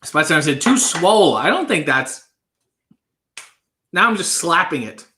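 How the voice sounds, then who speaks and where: A man's voice: a little high, sing-song, unhurried, sharp tone, slight background noise. A man in his thirties hosting a live stream, reading out viewer comments with a dry, offhand humor.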